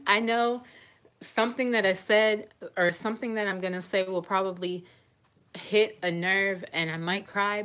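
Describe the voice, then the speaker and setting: With a steady, medium-pitched, slightly bright voice and a measured pace, a woman in her twenties talks into her phone from home during a casual live stream. The vlogger is rambling and emotional, frequently interrupting herself.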